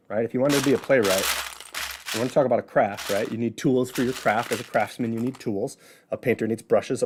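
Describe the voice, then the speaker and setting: A man's voice: medium pitch, background noise. Man from Illinois with a Chicago accent, solo show host, casual and talkative, explains through rhetorical questions. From Midwest, Illinois. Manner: chatty, asks and answers his own rhetorical questions. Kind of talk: casual educational monologue.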